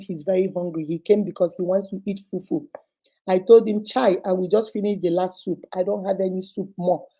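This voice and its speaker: A woman's voice: mid-range voice, mellow, slightly rough. A woman reading a listener's letter aloud on her relationship advice show, telling it dramatically and acting out the voices in it.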